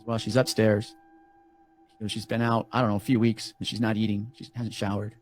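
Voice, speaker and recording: Fast-talking, profane male storyteller. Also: lowish voice, a little hiss or hum. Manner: rambling, profane, animated storyteller. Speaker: storyteller recounting a work call. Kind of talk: casual podcast storytelling.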